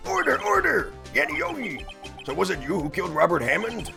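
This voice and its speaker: A man voicing a fussy elderly court judge in a high, shrill, exclamatory voice while reading game dialogue aloud. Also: huge pitch swings, fairly quick, creaky, full character voice. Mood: stern. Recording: faint game music behind.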